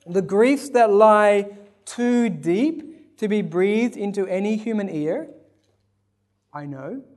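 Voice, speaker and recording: Slow, emphatic male preacher. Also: high-pitched, lively intonation. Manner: slow, emphatic delivery with big swings in loudness. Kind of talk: sermon reading and commenting on scripture.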